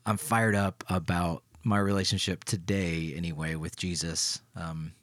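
A middle-aged man from Tennessee co-hosts a faith podcast with a very low voice. He chats in a playful, teasing way. The sound is dry, with no room echo at all. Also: fairly even intonation, a bit bright. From Tennessee, US South. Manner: playful, teasing, quick to laugh. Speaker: podcast co-host, pastor. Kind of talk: casual conversation.

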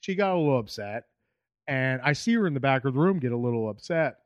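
A man's voice: medium pitch, quick pace, muffled recording, noisy background. A man, a comedian, telling stories in casual podcast chat, swearing and acting out quotes. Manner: swearing, animated storytelling with acted quotes. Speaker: guest comedian.

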